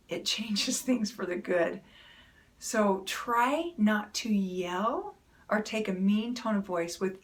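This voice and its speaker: A middle-aged woman speaking earnestly to camera, giving encouraging, plain-spoken self-help advice. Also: mid-range voice. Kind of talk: motivational talk to camera.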